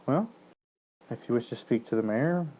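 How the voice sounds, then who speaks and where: A man voicing a helpful, brisk female clerk at a town hall. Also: medium pitch, animated, dark tone, lo-fi sound, lightly acted.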